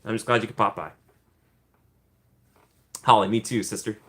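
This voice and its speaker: A man with a lowish voice speaks at normal speed in a steady tone that's bright and forceful. On a casual livestream, he reads viewer questions aloud and answers chattily, laughing often and saying um a lot.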